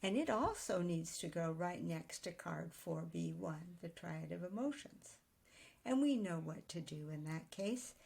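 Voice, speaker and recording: A woman teaching writers in a thoughtful, explanatory way, pausing to reason aloud as she goes. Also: fairly low pitch, animated, gravelly, a little mellow, slightly rough. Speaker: writing teacher. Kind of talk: daily video lesson on note-taking.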